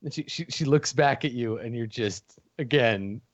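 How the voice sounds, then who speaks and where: A man's voice: medium pitch, moderate pace, no echo, lo-fi sound. A man narrating as game master of a tabletop game, casual and profane, with frequent restarts.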